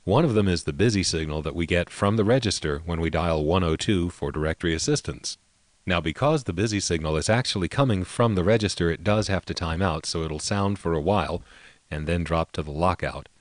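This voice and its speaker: A man hosting a show of vintage telephone recordings, narrating in an unhurried way with a fondness for technical detail. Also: sits low, dry recording. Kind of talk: relaxed narration.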